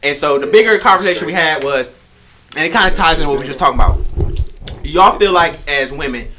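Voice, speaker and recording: A man's voice: on the high side, lively intonation, fast, crowd noise. A young man hosting a casual podcast debate, pushy, interrupting and repeating his points. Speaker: podcast host.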